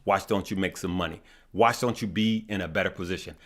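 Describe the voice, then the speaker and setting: A man's voice: sits low, brisk. Preachy middle-aged man. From West Side of Chicago. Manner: preachy, repetitive, folksy storytelling. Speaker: stock market channel host. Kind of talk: impassioned livestream talk.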